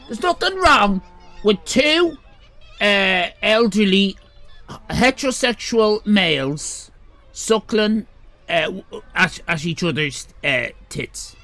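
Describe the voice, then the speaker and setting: An Irish man in his fifties hosting a comic livestream, rambling crudely with sudden shouted bursts. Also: high voice, animated, slow pace. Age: 50s. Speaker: comedy livestream host. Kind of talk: improvised comic monologue.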